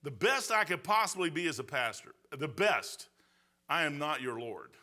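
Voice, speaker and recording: A man's voice: on the high side, animated, moderate pace, bright, forceful tone. A man in his sixties preaching a sermon as pastor, telling folksy stories with emphatic asides. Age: 60s.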